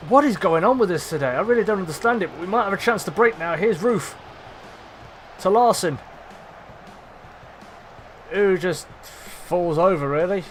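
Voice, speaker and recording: A young man commentating live on his football management game, swearing and shouting at his players. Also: high-pitched, animated, normal speed, pauses often, slight background noise. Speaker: gaming commentator.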